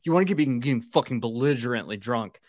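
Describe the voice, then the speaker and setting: A man's voice: mid-range voice, lively intonation, fast, a little mellow, dry recording, studio quality. A man hosting a casual podcast, swearing freely and getting drunk as he talks. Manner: profane, rowdy and joking. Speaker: podcast host.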